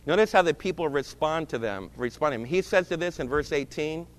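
A male pastor preaching a sermon, dramatically swinging between loud emphasis and low hushed lines. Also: animated, brisk. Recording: long reverb of a large hall.

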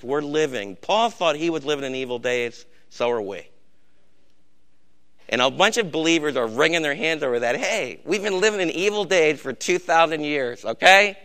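An older man with a gray beard preaching a sermon, urging his congregation and swinging between hushed warnings and shouted exhortation. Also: fairly high pitch, clean tone. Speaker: pastor.

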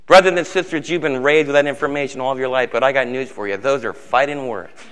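A middle-aged male pastor preaching a sermon with passion, dropping to a hush and then rising to loud emphasis, in a church sanctuary. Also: mid-range voice, fast. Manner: impassioned preaching, swinging from hushed to loud. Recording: long reverb of a large hall.

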